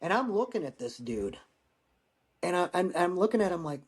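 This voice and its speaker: American male veteran, 40s, slightly high voice, salty casual storyteller who acts out the dialogue. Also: very animated, moderate pace. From United States. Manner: blunt, profane, acts out quoted exchanges. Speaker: military veteran guest.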